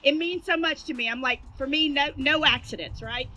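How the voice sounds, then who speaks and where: Woman, motivational speaker, high and bright, fires up the crowd. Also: brisk, low-quality recording. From Atlanta, Georgia, US. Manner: energetic, hype-building, talks straight to the crowd. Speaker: motivational speaker, former sportscaster. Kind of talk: motivational speech. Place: outdoor park at a sports opening ceremony.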